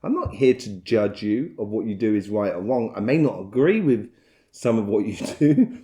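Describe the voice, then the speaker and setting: Brief: male tarot reader, warm mellow tone, rambling and chatty delivery. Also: mid-range voice, sing-song, normal speed. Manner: rambling and chatty, with soft laughs. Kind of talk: casual tarot reading monologue.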